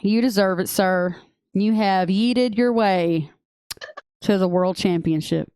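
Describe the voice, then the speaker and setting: A woman with a Texan accent co-hosting a casual podcast chat, excitable and gushing, laughing often. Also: medium pitch, slow, clear, resonant tone, no room sound, clean studio sound. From Texas. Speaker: podcast co-host.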